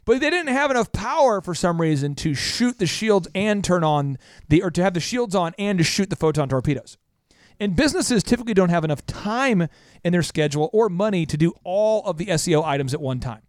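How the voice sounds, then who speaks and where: A male podcast host and business coach who talks in an energetic, rambling way and explains things with analogies. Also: sits high, fairly quick, no room sound, studio quality. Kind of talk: casual podcast chat.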